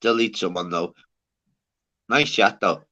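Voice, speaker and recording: A man from the north of England with a bright, forward, lowish voice rambles unhurriedly in laddish, freely profane casual chat. He sounds like a livestream host talking with his viewers and co-host, and the highs in the audio are cut off.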